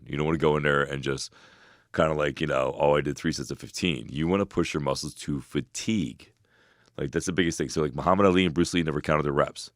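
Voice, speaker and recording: A man with a very low, deep voice talks fast and rambles through casual advice. He co-hosts a podcast, breaks into loud laughs and restarts his sentences. The sound is dry and close. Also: no room sound. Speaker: podcast co-host. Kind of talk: casual chat, fitness advice.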